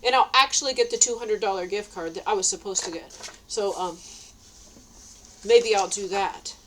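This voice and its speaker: A woman's voice: medium pitch, normal speed, a little hiss or hum, low-quality recording. A middle-aged woman ranting to camera, agitated and swearing, rambling with many restarts. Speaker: vlogger.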